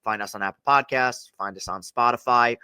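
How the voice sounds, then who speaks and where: Young male podcast host, bright forceful tone, dry close mic, wordy and self-correcting. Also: medium pitch, fairly quick, clean tone, no echo. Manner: rambling, self-correcting, long wind-up questions. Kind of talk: casual interview podcast.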